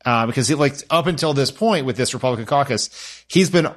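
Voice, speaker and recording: Man, co-host, emphatic, blunt, swears, casual chat, mid pitch. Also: fairly quick, a bit bright. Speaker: podcast co-host. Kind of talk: casual political podcast chat.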